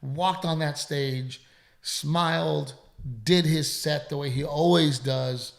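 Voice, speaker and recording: A man's voice: on the high side, steady tone, slow pace, gravelly. A man, a comedian, chatting casually on a podcast and telling a story with emphatic, swearing delivery while sounding congested. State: congested, sick.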